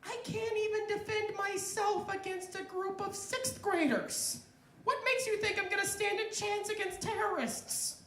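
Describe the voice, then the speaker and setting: An American woman doing a stand-up comedy set, animated and rising into high exclaims. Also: measured pace. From United States. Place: small club stage. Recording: echoey club room with faint noise.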